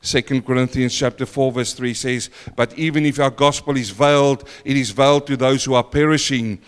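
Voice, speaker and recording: A man preaching a sermon in a church, dramatic and repetitive, swinging between loud outbursts and hushed asides. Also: mid-range voice, steady tone, normal speed, smooth, long reverb tail.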